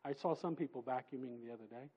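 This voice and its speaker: A man preaching a sermon in a church, emphatic and conversational, swinging from loud passages to soft asides. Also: medium pitch, fast, breathy edge, lo-fi sound. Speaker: pastor. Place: church sanctuary.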